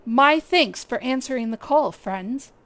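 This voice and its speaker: A woman reading the lines of a stern male leader of a forest archer guard from a game, in a formal, measured way. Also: high-pitched, expressive, a bit bright. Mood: grave. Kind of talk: reading game dialogue aloud.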